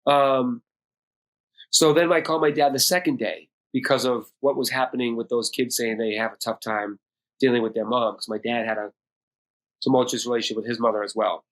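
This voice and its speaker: Podcast guest, middle-aged man from Boston; candid, profane storyteller at a mid pitch. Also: steady tone, brisk, fairly bright tone. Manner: blunt, heavy swearing. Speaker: podcast guest, music producer and DJ.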